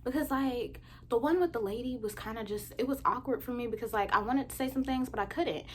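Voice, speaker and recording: A young woman in her twenties telling casual storytime anecdotes to her viewers, chatty and animated. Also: a little high, a little fast, a little hiss or hum. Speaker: vlogger.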